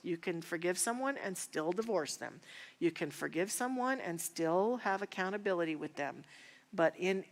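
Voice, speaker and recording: Earnest woman teaching in a reverberant hall. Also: lowish voice. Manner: earnest, personal, unhurried. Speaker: minister teaching a prosperity class. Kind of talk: spiritual teaching talk. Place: church sanctuary.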